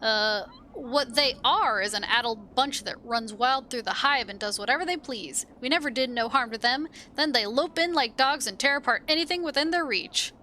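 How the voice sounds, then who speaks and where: A woman reading game lines aloud as a rough, grieving slum woman who talks slowly in coarse street slang. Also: a little high, pushed and bright, slight background noise. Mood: bitter. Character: rough, grieving woman of the hive slums, bitter.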